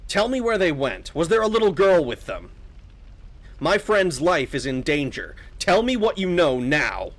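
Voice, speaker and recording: A man's voice: fairly high pitch, very animated, a little slow, pitched above the performer's own voice. A man voicing a brash, hot-tempered young male hero from a video game, pushy and demanding.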